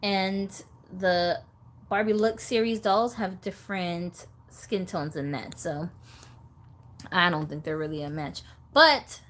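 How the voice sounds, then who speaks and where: A woman hosting a casual live stream about doll collecting, chatty and giggly. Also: medium pitch.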